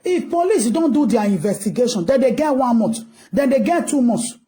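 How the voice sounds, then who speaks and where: A woman's voice: a little high, expressive, brisk, warm tone. A Nigerian woman giving ranting commentary, scolding and asking rhetorical questions in a mix of English and Pidgin.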